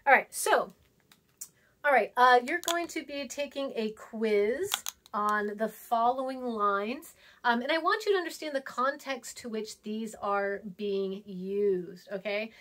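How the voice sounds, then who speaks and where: Chatty woman teacher, slightly high voice. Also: measured pace, a bit bright. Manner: chatty, acts out texts in voices; writes on a board while talking. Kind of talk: casual classroom lesson.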